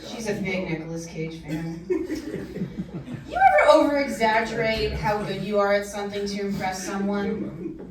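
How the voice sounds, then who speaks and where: A woman doing a stand-up set of crude, deadpan one-liners. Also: medium pitch, measured pace. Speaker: stand-up comedian. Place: large room at a comedy show. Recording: very echoey hall, distant mic, crowd noise. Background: audience laughter.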